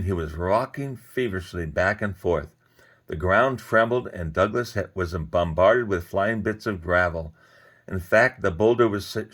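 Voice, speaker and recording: A man with a low, deep voice reads a children's story aloud. His reading is expressive and animated, with lively emphasis.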